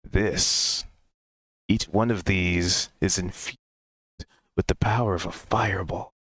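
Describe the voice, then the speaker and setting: A man's voice: low voice, fairly even intonation, takes it slowly, a bit bright, husky, dry recording, heavily acted. A man voicing a toothy monster shopkeeper. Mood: businesslike. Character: one-mouthed toothy male monster merchant, shrewd.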